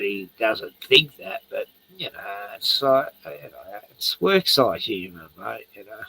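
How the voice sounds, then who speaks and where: Older man, Australian accent, tipsy, rambling livestream chat, slow talker, gravelly. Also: mid-range voice, sharp tone, slight background noise, low-quality recording. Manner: rambling, swears freely, chats to viewers. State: tipsy from beer. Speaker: livestream host.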